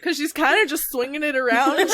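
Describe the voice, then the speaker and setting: A woman's voice: high voice, a bit bright. A woman narrating a tabletop game as game master, giggling often and saying "like" a lot. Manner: giggly, lots of likes and laughs.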